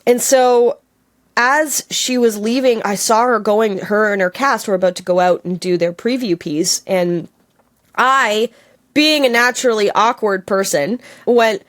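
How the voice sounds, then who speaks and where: Guest: woman from Canada, higher-pitched, lively storyteller who laughs and acts out her lines. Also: normal speed. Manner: animated, laughing, acts out her own quotes. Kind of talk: casual storytelling interview. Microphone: on camera, video call.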